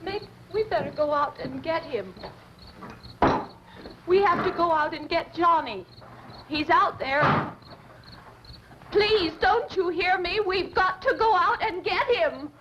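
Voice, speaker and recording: High, slow-talking young woman in shock, old horror film, muffled VHS tape. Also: heavily acted. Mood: hysterical. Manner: dazed, halting, breaks into sobbing screams. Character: shocked young woman recounting a graveyard attack. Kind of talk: 1960s horror film acting. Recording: dull old home VHS tape, faint hiss.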